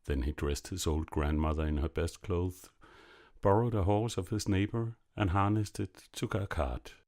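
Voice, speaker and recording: Deep-voiced man reading a fairy tale. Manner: measured, expressive reading. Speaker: narrator. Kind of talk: storybook narration.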